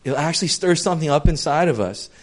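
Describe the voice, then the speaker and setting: A man's voice: fairly high pitch, quick pace. A young man giving a casual, conversational sermon, telling stories with lots of "um" and "like". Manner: chatty, many fillers like "um" and "like", animated storytelling. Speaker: preacher.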